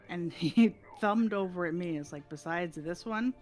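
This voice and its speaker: A woman's voice: fairly low pitch, normal speed, a little mellow, faint music behind. A woman livestreamer chatting casually, telling a story with lots of laughs and acted-out voices. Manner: chatty, laughing, acts out voices in her anecdotes.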